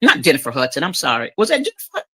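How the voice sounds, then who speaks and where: Talking very fast, a woman vlogger gives heated commentary in a low, slightly rough, somewhat bright voice with huge pitch swings. She's sarcastic and emphatic, repeats herself, and admits she cries easily.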